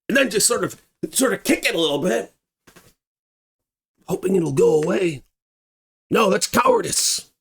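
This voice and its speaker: A man telling a true story in a casual, animated way, swearing and acting out the scenes. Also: high-pitched, normal speed, vocal fry, pauses often.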